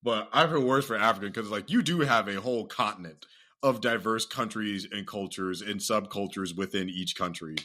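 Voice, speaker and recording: A man from the US hosting a casual podcast chat, talking in an animated, profane way and laughing often. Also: on the low side, moderate pace. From United States. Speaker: podcast host.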